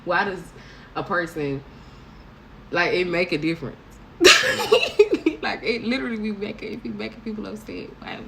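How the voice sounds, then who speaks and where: Low-voiced blunt woman in her thirties. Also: big pitch swings, moderate pace, creaky, noisy background. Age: 30s. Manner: blunt, profane storytelling with bursts of laughter. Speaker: vlogger. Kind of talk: casual monologue to camera.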